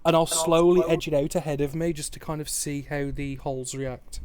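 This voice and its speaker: A man playing a tabletop game online, animated and swearing freely as he works out his moves aloud. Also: a little high, normal speed, a crowd in the background. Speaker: player. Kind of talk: casual tabletop game chat.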